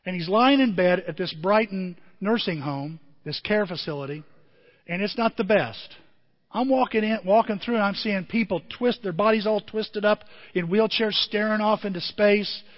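A man's voice: sits high, moderate pace, big-room sound, highs cut off. A male pastor telling a story in a sermon, acting out the people in it. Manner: animated, acts out the people in his stories. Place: church hall.

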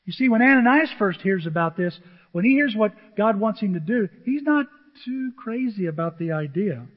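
A man's voice: high voice, animated, moderate pace. A male pastor preaching a sermon with emphasis, often firing questions at the congregation. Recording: dull echoey church recording.

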